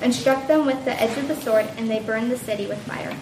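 A woman reading a long scripture passage aloud in a steady, even manner. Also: a little high, brisk. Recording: roomy, distant from the mic, noisy.

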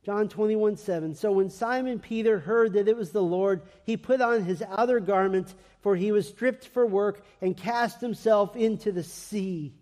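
A man delivers a sermon in a high-pitched, soft-toned voice. He moves between emphatic passages and quiet, hushed ones. His words ring out with a long reverb, as if spoken in a large hall. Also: normal speed, hardly any pauses. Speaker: preacher.

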